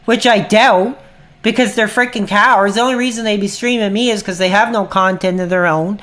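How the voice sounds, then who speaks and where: A woman's voice: mid-range voice, normal speed. Heated, foul-mouthed woman streamer ranting. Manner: heated, profane ranting, yelling at chat. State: agitated. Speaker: livestreamer. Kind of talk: angry livestream rant.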